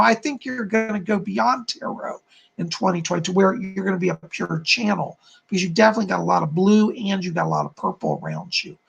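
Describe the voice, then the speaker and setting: Calling viewers darling and hon, a male psychic medium gently hosts a live-streamed reading session. He speaks in a high, creaky voice that's fairly bright and slightly rough.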